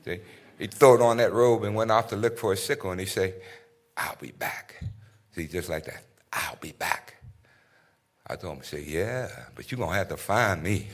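A man's voice: on the low side, a little fast, lightly acted. An actor playing a defiant middle-aged man who talks about death in a rhythmic stage monologue. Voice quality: rhythmic, vernacular storytelling.

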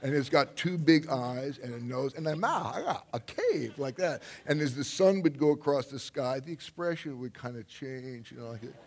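An older man telling a personal story on stage in a rambling way, laughing often and breaking into sudden loud bursts. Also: mid-range voice, animated, normal speed, gravelly, few pauses. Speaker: speaker on stage. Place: stage before an audience.

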